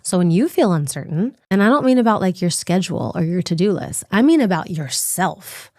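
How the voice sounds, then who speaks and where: A woman hosting a reflective self-help podcast, coaching the listener directly in a gentle, encouraging way. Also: lowish voice, sing-song, fairly quick, no echo, studio quality. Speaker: podcast host.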